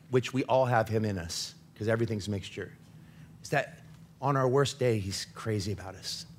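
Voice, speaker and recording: A man giving an impassioned faith talk as a Christian author, earnest and confessional, swinging between urgent and hushed. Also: medium pitch.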